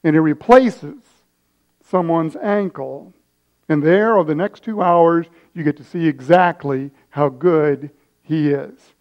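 A man preaching a sermon, telling a story and acting out its voices, swinging from loud high bursts to soft asides. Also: slow pace, highs cut off. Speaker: pastor.

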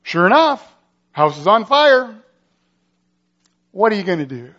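Very animated yet unhurried, this male pastor preaches in a high, ringing voice with a bright, forceful tone. Rhetorical questions and vivid, urgent scenarios build drama as he rises and falls for effect. The sound quality is dull and lo-fi.

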